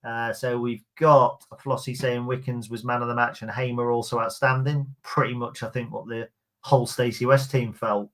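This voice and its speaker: A man hosts a relaxed fan podcast. He talks in a chatty, easygoing way and reads listener comments aloud between stories. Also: medium pitch, moderate pace. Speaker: podcast host. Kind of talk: casual fan podcast chat.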